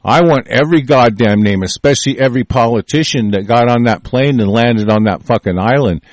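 A man's voice: medium pitch, brisk, dry recording. A man hosting a show, ranting angrily about the news, with constant swearing and many restarts. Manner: angry, crude, swearing constantly, repeats and restarts. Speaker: show host. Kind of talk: profane political rant.

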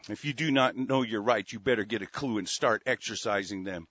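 A man's voice: on the low side, fairly quick, hardly any pauses, a bit bright, dry recording. A man hosting a talk radio show, ranting furiously with heavy swearing and many stumbling restarts. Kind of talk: angry call-in radio rant. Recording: dry, dull lo-fi studio sound.

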